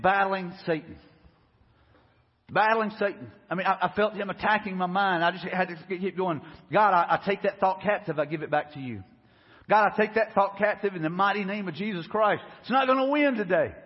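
A man's voice: sits high, husky. A man preaching a sermon in a church, earnest and repetitive, acting out prayers in his own voice. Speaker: pastor. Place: church sanctuary. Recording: muffled church recording with reverb. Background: long hall reverb.

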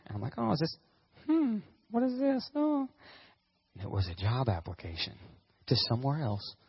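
A man pastor telling a personal story in a sermon, animated and acting out what people said. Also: on the low side, slightly rough, no echo, lo-fi sound. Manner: animated, acts out quotes, whoops with excitement.

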